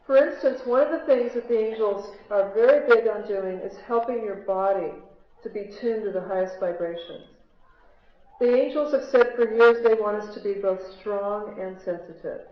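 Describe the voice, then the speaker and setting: An American spiritual speaker gives a live talk in a large hall, telling stories and chatting with the crowd by asking them questions. Her voice is mid-range and her pace normal. Someone in the audience captured it on a handheld MP3 player, so the recording is lo-fi and echoey.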